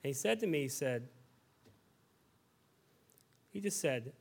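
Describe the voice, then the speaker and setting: A man in his thirties preaching a sermon as a pastor, telling a story in an animated, conversational way. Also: medium pitch, slow, creaky.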